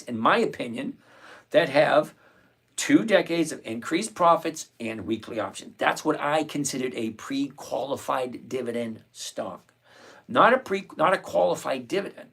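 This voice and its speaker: Man, livestream trading host, emphatic, repetitive, lecturing tone. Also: fairly high pitch. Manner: emphatic, repeats key phrases, lectures; reads viewer comments aloud. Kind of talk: live stream, answering chat.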